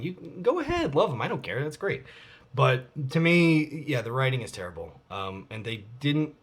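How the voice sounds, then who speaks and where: A man in his forties talks straight into his vlog, answering viewer questions. His delivery is loose and rambling, full of fillers and casual swearing, and his pitch sits mid-range for a man. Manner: rambling, profane and candid, with frequent fillers.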